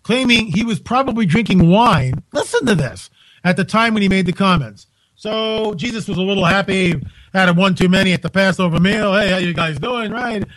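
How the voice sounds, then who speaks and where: A man hosting a call-in radio show, talking in an incredulous, exclaiming way with quick asides, from home. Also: sits high, a bit bright, no echo, low-quality recording. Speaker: radio talk show host.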